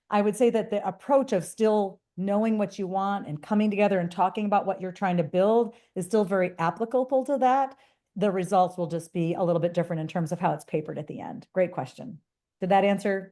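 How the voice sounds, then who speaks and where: A woman's voice: mid-range voice, a little fast, mellow. A woman consultant answering webinar questions in a conversational, upbeat way with frequent restarts over a video call.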